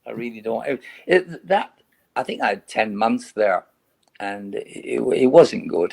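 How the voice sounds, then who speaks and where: Gravelly older man telling rambling stories. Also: mid-range voice, expressive, unhurried, darkish tone. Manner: rambling anecdotal storyteller, laughs often, restarts. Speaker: retired footballer, guest. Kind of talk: casual podcast chat.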